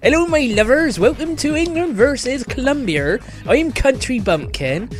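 A man's voice: extremely high pitch, very animated, normal speed, soft background music, voice pushed up. A man voicing a cheery West Country yokel who calls everyone his lovers. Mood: jolly. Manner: folksy, calls listeners "my lovers".

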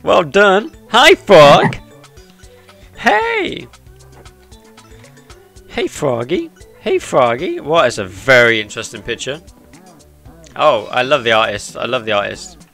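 A man's voice: medium pitch, very animated, measured pace, sharp tone, faint music behind. A man giving chatty, jokey let's-play commentary and talking to the characters on screen. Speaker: gaming YouTuber.

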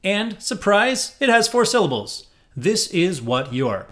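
A man's voice: high voice, sing-song, unhurried, a bit bright. Man teaching rhythm syllables. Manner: clear, patient explaining, chanting counts and rhythm syllables. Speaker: music teacher. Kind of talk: rhythm reading lesson.

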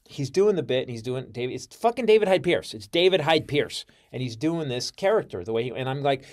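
A middle-aged man in a podcast interview, telling a story full of swearing. His voice sits at an ordinary pitch, and he swings from loud bursts down to near-mutters. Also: expressive, fairly quick, hardly any pauses. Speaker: comedian guest. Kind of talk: animated storytelling.

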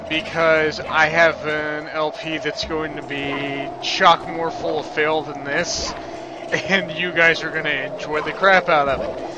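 A man's voice: a little high, level tone, slow pace, background noise. A man hosting a let's play, giving casual, chatty commentary as he plays, amused with himself and thinking aloud, with game music behind. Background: video game music.

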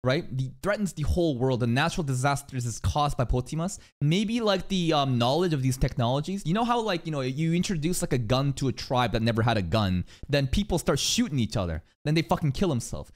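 A man reacting to an anime episode in casual, excitable commentary, thinking out loud and swearing often. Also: medium pitch, fairly quick, few pauses.

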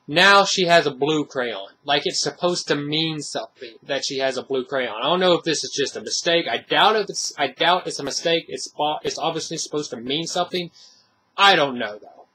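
A man's voice: a little high, normal speed, pushed and bright, slightly rough. A man giving a casual, rambling spoken movie review, full of fillers and restarts.

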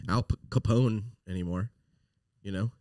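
A man's voice: on the low side, mellow, dry recording, studio quality, far from the mic. A man on a comedy podcast, talking bluntly with lots of swearing and laughs. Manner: profane, quick to laugh, blunt. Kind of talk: casual comedy chat.

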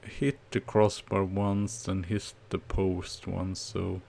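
Male streamer, unhurried gravelly delivery, nervous play-by-play of a football game. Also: low voice. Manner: nervous, excitable play-by-play with outbursts. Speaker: gaming streamer. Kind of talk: casual game commentary.

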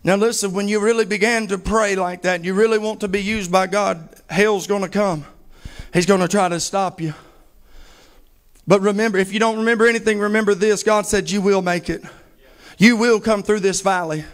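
Male pastor, high-pitched, fervent repetitive sermon delivery. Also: fairly even intonation, normal speed. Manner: fervent, emphatic preaching with heavy repetition.

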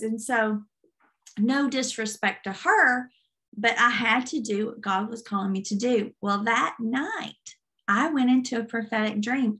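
A woman's voice: fairly high pitch, sharp tone. A woman minister giving an earnest testimony, retelling a dream vividly in a sermon. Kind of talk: sermon storytelling.

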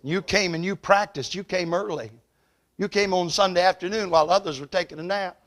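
A male evangelist delivers a storytelling revival sermon in a church. His voice sits a little high and rings bright and forceful, and he rises loud at the peaks and falls quiet at the ends of points. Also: brisk. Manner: swells loud and high at climaxes, drops soft at closes. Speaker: evangelist preacher. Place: church sanctuary.

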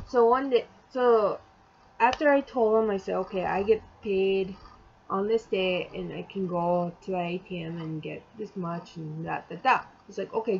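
A woman's voice: medium pitch, darkish tone, highs cut off, slight background noise. A young adult woman telling a storytime vlog in casual chat, rambling and exasperated, acting out the quotes as she goes. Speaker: vlogger.

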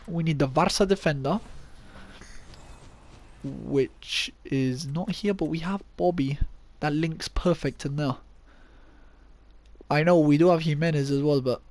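A young man giving casual gameplay commentary, thinking aloud and poking fun at himself. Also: on the high side. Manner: chatty, thinks aloud, self-mocking. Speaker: gaming YouTuber.

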